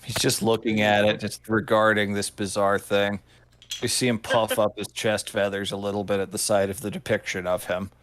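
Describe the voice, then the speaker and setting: A man's voice: fairly low pitch, little pitch movement, moderate pace, a bit bright. A man narrating and voicing characters as game master of a tabletop game.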